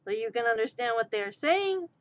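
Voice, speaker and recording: A woman chatting casually on a live stream, rambling and scattering "like" through her sentences. Her voice sits on the higher side, and the lo-fi audio sounds dull and muffled. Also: big pitch swings, moderate pace. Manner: rambling, heavy use of "like".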